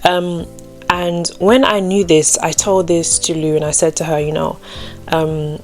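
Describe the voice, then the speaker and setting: A young woman with a slightly low voice tells a personal faith story in a relaxed, chatty way. Her talk is full of "like" and "you know", and she lifts her voice when she acts out what others said. Faint music plays softly behind her. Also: measured pace. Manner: acts out quoted people with a raised voice. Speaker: Christian storytime vlogger.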